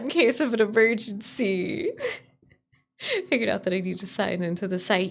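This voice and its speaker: Chatting casually with her live stream viewers, a woman VTuber swears freely and bursts into high squeals and laughter whenever she's startled. She speaks at a moderate pace with lively intonation, vocal fry, and frequent pauses.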